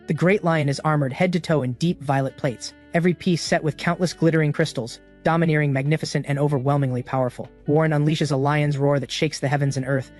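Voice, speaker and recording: A man's voice: a little high, a little mellow. Dramatic male story narrator. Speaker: recap narrator. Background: music.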